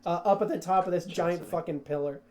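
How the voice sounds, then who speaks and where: A game master narrates a tabletop scene in a loose, rambling way, full of fillers and restarts. The voice sits at a middle pitch. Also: a little fast, warm tone. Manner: rambling, many fillers and restarts, laughs often.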